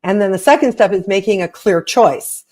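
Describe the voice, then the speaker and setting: A woman's voice: mid-range voice, moderate pace, darkish tone. Woman, podcast co-host, casual talk, agreeable, mid-range voice. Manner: conversational and affirming. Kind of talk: podcast conversation.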